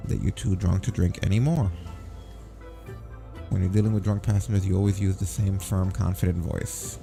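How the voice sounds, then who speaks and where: A man hosting a let's play, reading the game's text aloud with wry, deadpan asides. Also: sits low, moderate pace, creaky, over music.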